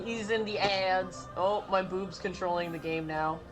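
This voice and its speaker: A woman's voice: on the low side, slow pace, over music. A young woman streaming a game, chatting casually with crude jokes and laughter. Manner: crude, joking, laughing, tipsy banter. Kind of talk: casual live-stream chat.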